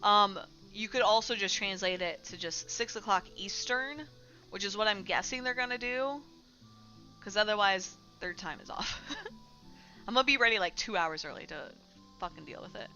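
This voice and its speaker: A woman streamer talking bluntly and casually to her chat, swearing now and then. Her voice is bright and a little forceful. The sound is somewhat dull and lo-fi, with faint music running underneath. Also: medium pitch, normal speed. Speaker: streamer host. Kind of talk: casual livestream commentary.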